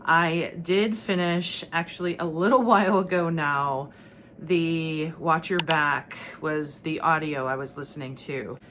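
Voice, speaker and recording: Low-voiced woman giving chatty book thoughts. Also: steady tone, unhurried, a bit bright, a little hiss or hum. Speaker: book vlogger. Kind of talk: casual vlog talk.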